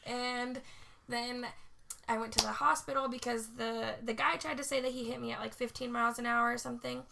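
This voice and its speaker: A woman's voice: fairly high pitch, fairly even intonation, brisk, creaky, background noise. A young woman co-hosting a podcast, telling a story in casual chat, swearing a lot, laughing often and saying "like" constantly. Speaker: podcast co-host.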